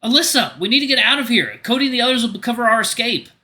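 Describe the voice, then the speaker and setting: A man doing a young hero yelling, high and strained. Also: sing-song, quick pace, exaggerated voice. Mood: desperate. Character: young male hero yelling for a lost friend.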